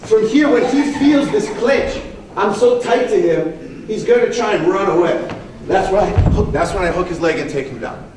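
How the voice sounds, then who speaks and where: High in pitch but darkish in tone, a man speaks at normal speed with slight background noise. As a martial arts instructor, he gives a conversational conference talk with a live demo, frequently checking in with "right?" and repeating himself. The echoey hall picks up his voice from a distance.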